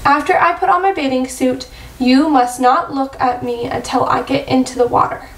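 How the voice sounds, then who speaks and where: A woman's voice: high-pitched, fairly even intonation, normal speed, slight background noise, close to an everyday voice. A woman voicing a grumpy, fussy male toad in a picture-book read-aloud, talking in a complaining, insistent way. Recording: echoey room, far-off mic.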